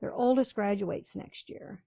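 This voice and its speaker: A woman's voice: medium pitch, a little slow, creaky, mellow, no echo. A woman in her sixties chatting casually to viewers while she crafts, rambling through family stories in a talkative, storytelling way. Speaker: craft video host. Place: small-town home.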